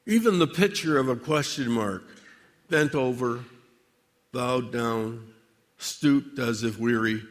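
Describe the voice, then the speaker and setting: Man, preacher, dramatic sermon addressed to God, very slow measured phrasing, long hall reverb. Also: medium pitch. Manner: slow, measured, theatrical delivery with long pauses.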